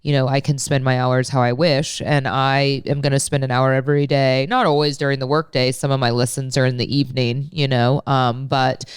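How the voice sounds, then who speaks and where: A woman's voice: extremely low pitch, little pitch movement, a little fast, few pauses, clear, resonant tone, no echo, clean studio sound. Stuffy-nosed woman with a cold. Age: late 30s. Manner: chatty, self-deprecating, rambling. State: stuffy, congested from a head cold. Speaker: podcast co-host. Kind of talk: casual podcast chat.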